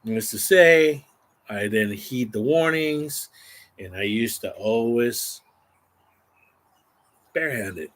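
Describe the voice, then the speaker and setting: A man vlogging, telling a rambling, animated story casually to the camera. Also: mid-range voice, slow, long pauses. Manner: rambling, animated, exaggerating for effect.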